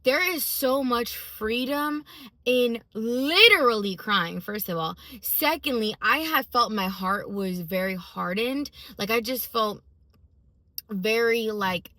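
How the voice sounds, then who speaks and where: A woman's voice: fairly high pitch, expressive, slow, bright, forceful tone, no echo. A woman giving a casual, emphatic personal faith testimony, full of fillers as she talks. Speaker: faith vlogger.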